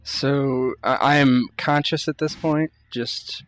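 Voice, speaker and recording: Brief: male player, unhurried, hedging, soft delivery. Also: mid-range voice, steady tone, no room sound. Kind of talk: describing his character's actions.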